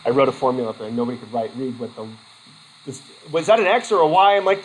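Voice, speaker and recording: A man's voice: medium pitch, animated, fast, a little hiss or hum, rough recording. A male teacher giving a casual classroom lecture, acting out quoted voices and laughing easily.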